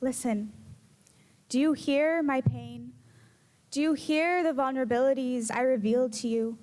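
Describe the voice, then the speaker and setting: Teen girl reciting her poems, earnest and measured, kinda high voice. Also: steady tone, a little mellow. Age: teens. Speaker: student poet. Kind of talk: poetry reading.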